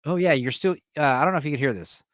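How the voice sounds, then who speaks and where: A man's voice: fairly high pitch, very fast, dry recording, studio quality. A man streaming alone, giving a casual, profane movie recap and laughing often.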